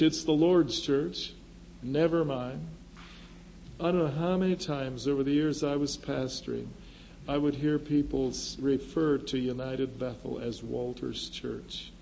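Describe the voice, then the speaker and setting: An older man gives a classroom lecture in a slow, deliberate way. His voice sits a little high for a man but sounds mellow and dark. He is earnest and emphatic, and he likes to repeat a key phrase. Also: creaky, low-quality recording. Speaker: church history teacher and former pastor. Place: classroom with a board.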